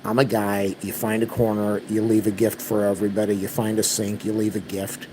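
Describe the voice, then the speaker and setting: A man's voice: on the low side, level tone, fairly quick, noisy background. A man telling an exasperated, repetitive story to his viewers in a casual rant. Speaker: vlogger.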